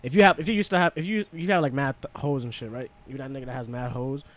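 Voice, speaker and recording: A man's voice: medium pitch, fairly even intonation, fast talker. A young man co-hosting a podcast, talking in a blunt, slangy, emphatic way in casual chat. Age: young adult. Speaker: podcast co-host.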